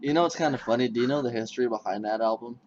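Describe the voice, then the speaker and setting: A man's voice: mid-range voice, rapid-fire. A man interviewing a musician in a casual chat, telling stories and acting out what people said. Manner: animated storyteller, acts out quotes. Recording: muffled lo-fi with faint noise.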